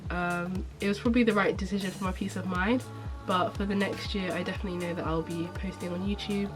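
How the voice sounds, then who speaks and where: A woman's voice: lowish voice, rough recording. A young woman chatting casually to camera as a medical student vlogger, upbeat with lots of fillers. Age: young adult. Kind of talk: casual vlog chat to camera.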